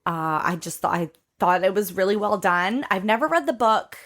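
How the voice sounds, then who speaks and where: A woman's voice: medium pitch, lively intonation, moderate pace, a bit bright. A woman co-hosting a podcast in casual chat, chatty and blunt, swearing freely as she recaps a show. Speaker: podcast co-host.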